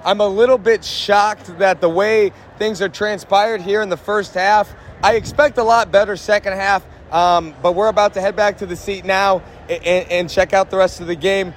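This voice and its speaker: Hoarse guy hosting a fan show from stadium seats, really high voice, shouty, rambling, lots of crowd and noise behind. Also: fairly even intonation, moderate pace, few pauses. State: losing his voice. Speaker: host of a fan sports show. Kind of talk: live fan commentary from the stands. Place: outdoor football stadium, in the stands.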